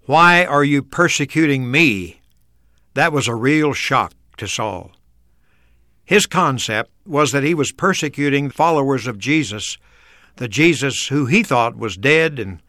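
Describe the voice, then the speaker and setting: A man co-hosting a radio program, explaining a Bible passage in an earnest, measured teaching voice. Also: mid-range voice, pushed and bright, no echo, studio quality.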